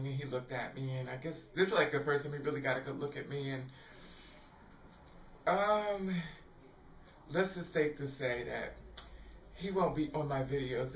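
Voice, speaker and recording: Laughing, foul-mouthed woman in a roomy echo. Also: sits low. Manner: chatty, laughs often, swears freely. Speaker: vlogger. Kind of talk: casual storytelling chat to camera. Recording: roomy, distant, dull lo-fi sound.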